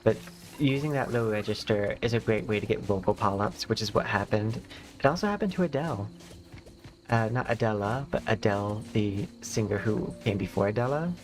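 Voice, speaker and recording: A man's voice: on the low side, brisk, soft background music. Chatty man with a lisp. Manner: rambling, filler-heavy, chatty. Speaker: streamer. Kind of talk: casual stream chat.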